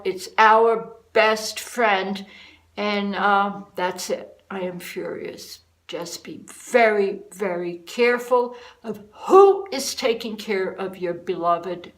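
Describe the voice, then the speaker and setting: A woman's voice: medium pitch, fairly bright tone, rough recording. A woman vlogger delivering a furious, repetitive rant to the camera. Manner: furious, repeating herself, emphatic.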